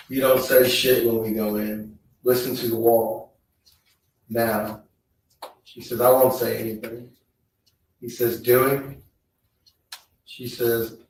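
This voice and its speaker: Man testifying, slow flat reading, very echoey courtroom, distant mic, faint hiss. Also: medium pitch. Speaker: trial witness. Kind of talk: reading text messages aloud in court.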